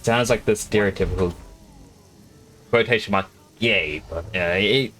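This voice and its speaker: A man's voice: on the low side, moderate pace, fairly bright tone, soft background music. An Australian man giving rambling, casual commentary as he streams a game, often cutting himself off mid-sentence. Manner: chatty, rambling, self-interrupting.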